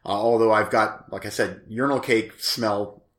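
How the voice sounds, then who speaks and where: A man's voice: lowish voice, steady tone, moderate pace, reverberant. A man co-hosting a podcast, chatting casually and reviewing a movie, rambling and often breaking off mid-sentence. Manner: rambling, self-interrupting, laughs easily. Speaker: podcast co-host.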